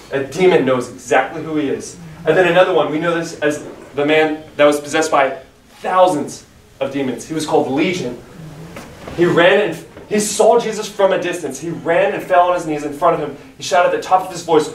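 A man's voice: on the high side, fairly quick, far from the mic. A man teaching a church Bible study in an earnest, emphatic way, reading scripture aloud. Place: church room. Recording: echoey room, mic from afar, faint hiss.

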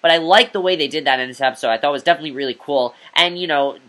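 A man's voice: a little high, rapid-fire, pushed and bright, slight background noise. A man giving a casual, rambling review of a TV episode, eager and repetitive, with lots of fillers. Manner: rambling, eager, repeats himself with many fillers.

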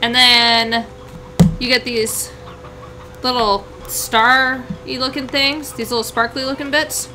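A woman hosting a let's play, chatting through the game and breaking into excited squeals and exclamations. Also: sits high, slow, pauses often, background noise. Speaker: gaming channel host.

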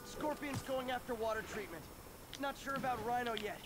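A man's voice: very high voice, brisk, heavy background noise. An actor voicing a quippy young male superhero, delivered in clipped, matter-of-fact lines from game audio. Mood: briefing. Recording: game audio under loud music.

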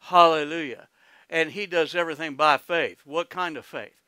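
A male pastor with an Oklahoman accent delivers his sermon in a bright, forward voice pitched a little high. He speaks folksy and exclamatory, drawing the congregation in with amens. The sound is dry and close, with no room around it. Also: moderate pace, smooth, no room sound. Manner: laughs easily, calls out to congregation.

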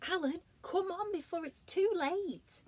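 A woman's voice: very high-pitched, a little slow, voice pushed up. A woman voicing a sensible, bossy giraffe who scolds her friend firmly.

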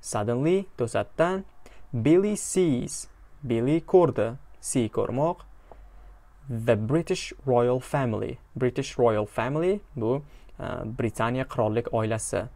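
A man from Uzbekistan leads an English lesson, reading a story phrase by phrase and translating as he goes. His voice sits at an ordinary middle pitch. He repeats each phrase slowly and pauses often as he explains it. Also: warm tone. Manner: hesitant, frequent pauses. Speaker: English teacher.

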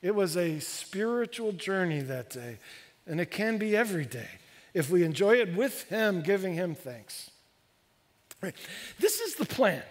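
High-voiced animated man preaching in a hall. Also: measured pace. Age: 50s. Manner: animated, bursts into high excited exclamations. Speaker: pastor. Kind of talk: sermon. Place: church sanctuary. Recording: long church hall reverb.

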